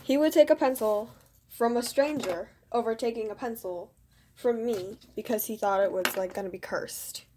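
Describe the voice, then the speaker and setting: A teenage girl with a slightly high voice tells a school story in a loose, chatty way. She keeps restarting her sentences and pads them with "like" and "you know". She laughs at her own past behavior as she goes. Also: moderate pace, noisy background. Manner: rambling, full of "like" and "you know", self-mocking. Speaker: student vlogger. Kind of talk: casual storytelling.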